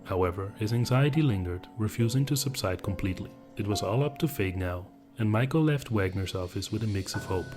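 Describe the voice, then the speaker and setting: A man narrating horror stories in an even, measured storytelling voice. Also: on the low side. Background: background music.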